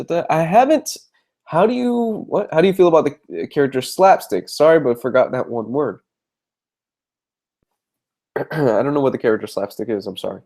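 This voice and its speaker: A man's voice: medium pitch, dark tone. Congested young man chatting on a live stream. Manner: chatty, rambling with restarts. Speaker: comic book reviewer.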